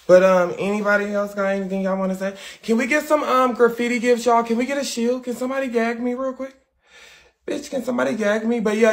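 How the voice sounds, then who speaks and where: A man hosting a livestream, chatting with viewers in a brash, profane, talkative way. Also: high-pitched. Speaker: livestream host. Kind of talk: casual livestream chat.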